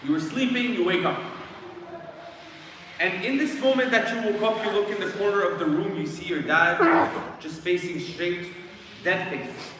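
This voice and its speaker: A man's voice: sits high, moderate pace, long pauses. A man from Canada giving a guest sermon in a mosque, telling a vivid story and addressing the crowd directly with dramatic build-ups. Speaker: guest lecturer. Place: mosque prayer hall. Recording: echoey hall from far off with faint noise.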